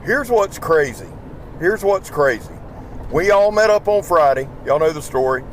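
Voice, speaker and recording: On the high side in pitch, a worn-out Southern man rambles casually as he drives his pickup, folksy and profane throughout. He runs a YouTube knife channel, and this driving vlog chat was recorded on a small truck microphone with a bit of hiss or hum.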